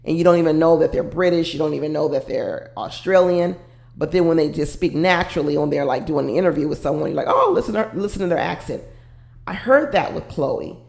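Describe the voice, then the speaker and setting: Low gravelly woman ranting about a reality show, echoey room. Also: fairly quick, darkish tone. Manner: opinionated, talks straight to viewers. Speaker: reality TV commentator. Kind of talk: casual commentary to camera.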